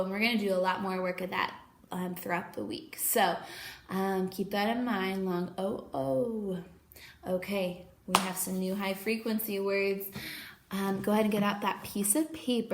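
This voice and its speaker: A woman teacher talks young children through a recorded lesson at an unhurried pace, carefully sounding out each letter and word. Her voice sits in a middle register, and the room around her rings with a noticeable echo. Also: medium pitch. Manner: slow, clearly sounding out letters and words.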